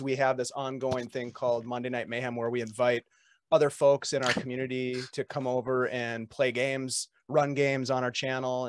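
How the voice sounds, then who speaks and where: Man game master guesting on a stream, eager, mid pitch, dry close sound. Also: no echo. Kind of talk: casual stream chat.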